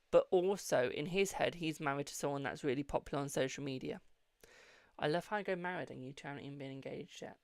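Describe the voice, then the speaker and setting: British tarot streamer, gravelly, talkative and cheeky, swears, calls everyone darling. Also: mid-range voice, a bit bright, no room sound, clean studio sound. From United Kingdom. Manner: chatty, swears freely, calls viewers "my darling". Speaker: tarot reader hosting a live stream. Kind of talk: casual live-stream card reading.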